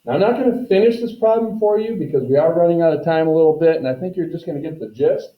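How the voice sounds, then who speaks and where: A man's voice: a little high, quick pace. Man teaching math in an echoey classroom. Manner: explains step by step, addresses students directly. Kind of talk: classroom lecture. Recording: roomy, distant, dull classroom audio.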